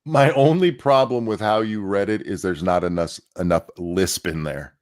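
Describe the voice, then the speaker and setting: A man's voice: sits low, moderate pace, darkish tone. A man co-hosting a podcast in casual chat, sardonic and profane, with frequent sighs. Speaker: podcast co-host.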